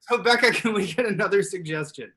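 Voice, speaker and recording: A man's voice: high-pitched, fairly quick, fairly bright tone. A man hosting a live improv comedy show over a video call, explaining game rules and laughing often.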